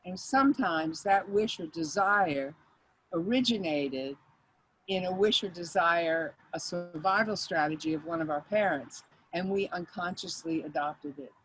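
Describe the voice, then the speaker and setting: An older woman with a fairly low voice talks through a conversational interview as a mediator guest. She tells personal stories in a reflective way and laughs often. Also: unhurried, a bit bright, rough recording.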